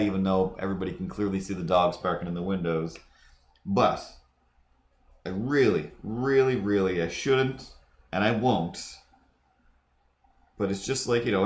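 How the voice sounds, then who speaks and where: Low-voiced man rambling on a stream. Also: echoey room. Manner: rambling, digressive storyteller. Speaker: livestream host. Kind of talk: casual livestream chat while drawing.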